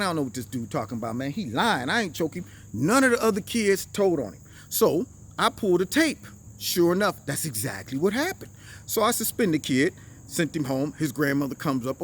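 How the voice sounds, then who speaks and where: A man hosting a casual commentary show, telling stories in slang and acting out the people he quotes. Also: a little high. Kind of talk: casual political commentary and storytelling.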